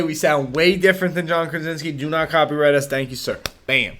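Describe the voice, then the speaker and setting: A man hosting a podcast in casual chat, rambling and profane, getting excited as he talks. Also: on the high side, a little fast. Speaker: podcast host.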